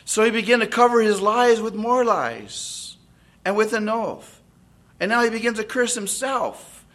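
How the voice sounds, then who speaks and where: A man's voice: high-pitched, expressive, a little slow, fairly bright tone. A man preaching an expository sermon, often checking in with listeners through tag questions.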